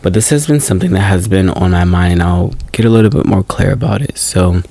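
Low-voiced young man with groggy morning voice. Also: a little fast, gravelly, warm tone, no room sound. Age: 20s. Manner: rambling, reflective, self-correcting. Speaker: podcast host. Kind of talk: casual solo podcast monologue.

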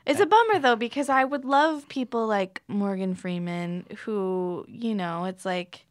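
A woman's voice: medium pitch, measured pace, no echo, studio quality. A woman hosting an interview, chatty and full of filler words. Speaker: podcast host. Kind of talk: casual interview chat.

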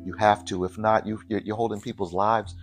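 A middle-aged man with a somewhat low voice talks warmly and encouragingly in a relaxed family chat. Faint guitar music sits behind him. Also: brisk. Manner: encouraging, animated when quoting others. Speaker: father in family conversation. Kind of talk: casual heartfelt chat.

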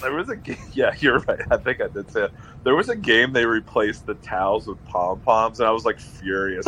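A man's voice: lowish voice, brisk, breathy edge, rough recording. A man co-hosting a casual sports podcast, telling stories with lots of "like" and laughing at himself. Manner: animated storyteller, says "like" often, laughs at himself. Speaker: podcast co-host.

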